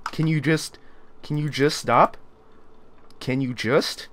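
A young man giving let's play commentary on a horror game, yelling, swearing and panicking in fright. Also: fairly high pitch, steady tone, slow, pauses often, soft background music. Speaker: gamer.

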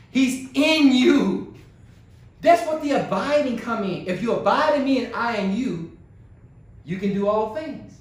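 A male pastor preaching a sermon, swinging from low murmurs to high exclamations and firing rhetorical questions at the congregation. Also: a bit bright. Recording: very echoey church hall, voice far from mic.

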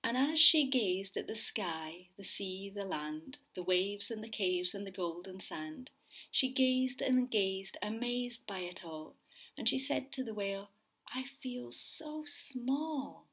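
Gentle teacher reading aloud, whispering. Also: female voice, mid-range voice, animated, husky. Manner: slow, gentle, often dropping to a whisper. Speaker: teacher reading a picture book. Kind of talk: read-aloud storytelling for children.

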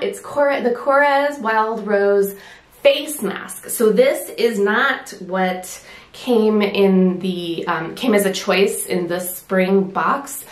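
A woman's voice: medium pitch, roomy sound. A woman chatting casually through a beauty product review, a little winded, with many fillers and restarts. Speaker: beauty vlogger.

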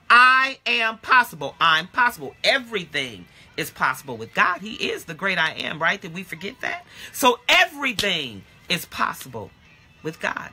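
A middle-aged woman preacher leading a live prayer and teaching stream, passionate and conversational, preaching in repeated refrains and shouting her points. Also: fairly low pitch, very animated, moderate pace. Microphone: phone or webcam livestream.

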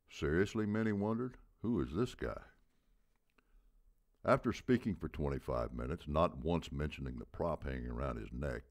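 A man narrating a story aloud in a measured way, slowing down for emphasis. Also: very deep voice, darkish tone.

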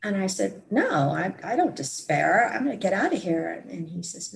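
Gravelly-voiced woman telling her story. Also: medium pitch, normal speed. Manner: lively, self-mocking, laughs while telling. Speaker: podcast guest. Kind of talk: personal storytelling.

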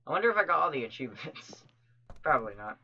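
A man giving gameplay commentary as a let's play host, who gets jumpy and shouts when startled. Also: on the high side, big pitch swings, fast talker, dull audio, slight background noise.

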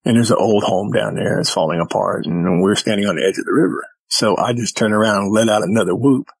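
Husky-voiced man telling stories. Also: lowish voice, fast talker, dry recording. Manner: animated storyteller who acts out quoted dialogue; folksy, rambling phrasing. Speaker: podcast guest. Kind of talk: telling personal encounter stories.

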